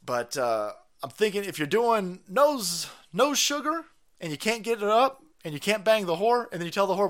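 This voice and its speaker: A man's voice: high-pitched, big pitch swings, moderate pace, fairly bright tone. A man hosting a stream, ranting crudely and mockingly about politics and laughing often. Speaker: podcast host. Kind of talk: profane comedic political rant.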